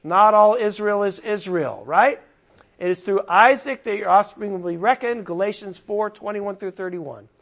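A man preaching a verse-by-verse sermon in a high, gravelly voice. He talks to his listeners conversationally and leans hard into emphatic, emotional passages. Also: moderate pace, a bit bright. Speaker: pastor. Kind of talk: expository sermon.

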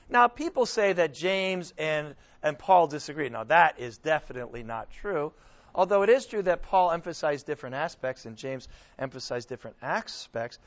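A man with a high-sitting, fairly bright voice leads a Bible study, preaching and teaching scripture to a group. He questions his listeners and restarts frequently. The recording is dull and lo-fi.

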